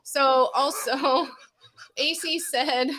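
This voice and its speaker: Woman, high voice, podcast co-host, casual chat, laughing storyteller. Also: steady tone, drawn-out words, a crowd in the background. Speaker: podcast co-host reading listener comments.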